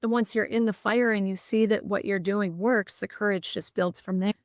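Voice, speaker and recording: Speaking at a normal speed with a steady tone and medium pitch, a woman recounts stories earnestly as a podcast guest, frequently starting over. The sound is clean studio audio without echo.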